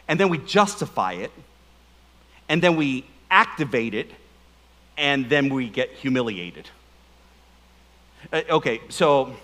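A middle-aged man preaching a sermon with jokes and questions to the congregation. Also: medium pitch. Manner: animated, joking, asks the crowd questions. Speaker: pastor. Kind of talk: humorous sermon.

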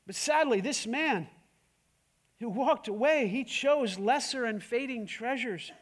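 A male pastor preaching with a strikingly high voice for a man. He delivers his sermon emphatically, moving between loud, urgent lines and hushed ones, and asks the congregation one rhetorical question after another. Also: a little slow.

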